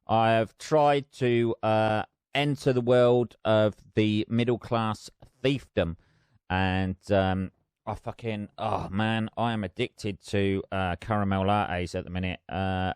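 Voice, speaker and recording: A man's voice: fairly low pitch, clear, resonant tone, dry recording, clean studio sound. A middle-aged man hosting his own podcast, chatting in a rambling, sweary, self-mocking way. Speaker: podcast host. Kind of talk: casual solo podcast chat.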